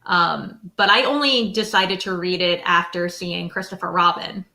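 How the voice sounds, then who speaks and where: A woman's voice: on the low side, fairly even intonation, moderate pace, gravelly, crowd noise. A woman in casual chat on a video call, enthusiastic and chatty, filling her talk with "like". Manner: chatty, lots of "like" fillers, enthusiastic. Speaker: indie bookseller guest.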